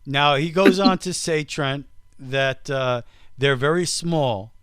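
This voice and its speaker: A man hosts a comedy podcast in a teasing, jokey way. He talks in quick bursts and laughs often. His voice is a touch high and smooth, recorded dry and close. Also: fairly bright tone, no echo. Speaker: podcast host. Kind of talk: casual comedic podcast chat.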